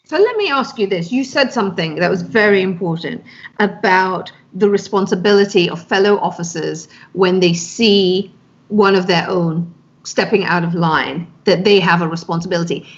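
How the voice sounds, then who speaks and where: A woman's voice: lowish voice, moderate pace, highs cut off. A woman hosting a live-stream interview, putting probing questions to her guest with occasional stumbling restarts. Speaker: host.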